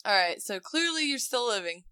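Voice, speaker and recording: A woman in her thirties chatting on a podcast, an animated storyteller who laughs through her punchlines. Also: fairly high pitch, moderate pace, clean tone. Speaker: co-host telling family stories. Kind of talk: casual podcast chat.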